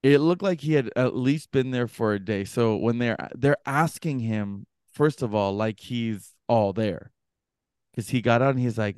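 A young man co-hosting a podcast, telling a story casually and acting out the other people's voices with big jumps in pitch. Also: unhurried, clear, resonant tone, no room sound, studio quality. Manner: animated, acts out quoted voices with pitch jumps. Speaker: podcast co-host.

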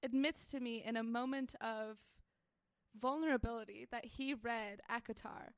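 A young woman co-hosting a podcast, chatting casually in an animated, joking way. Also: a little high, moderate pace, clear, resonant tone, no room sound, studio quality. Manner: animated, joking, breaks into mock voices. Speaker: podcast co-host. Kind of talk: casual chat.

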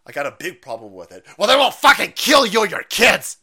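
A man hosting a stream, ranting in profane political commentary with mocking asides and sudden shouts. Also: high voice, huge pitch swings, fairly quick, breathy edge. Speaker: streamer host.

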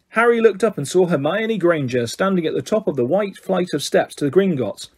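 A man reading a storybook aloud in a husky voice that sits a bit high for a man. He stumbles over a word now and then and corrects himself as he goes. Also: expressive, fairly quick, hardly any pauses. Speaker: reader. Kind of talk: storybook narration.

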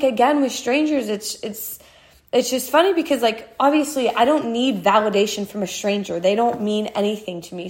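A woman's voice: on the high side, darkish tone. A woman in her twenties hosting a podcast, talking through her feelings in a candid, heartfelt monologue full of "like" fillers. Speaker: podcast host. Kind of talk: casual personal monologue.

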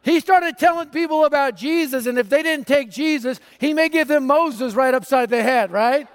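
High-voiced man preaching in a hall. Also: moderate pace. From North Denver, USA. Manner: energetic humorous storytelling. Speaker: evangelist speaker. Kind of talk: gospel message speech. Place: large conference hall stage. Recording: reverberant hall.

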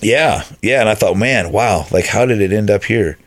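Guy with a lowish voice telling his story on a podcast, chatty, does his buddies' voices. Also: normal speed. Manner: conversational storyteller, acts out friends' voices. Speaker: podcast guest.

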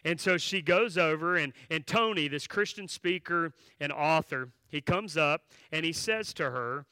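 A man's voice: on the high side, measured pace, pushed and bright, clear, resonant tone, dry recording. A man preaching a sermon, telling a story in a conversational way and then making direct, emphatic appeals to the congregation. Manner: conversational, with filler words and restarts while telling a story. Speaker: pastor.

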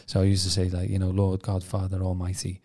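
Speaking quickly in a low, dark, monotone voice, a man co-hosting a podcast recounts his personal experience. The telling is loose and meandering, with many false starts and "you know" fillers.

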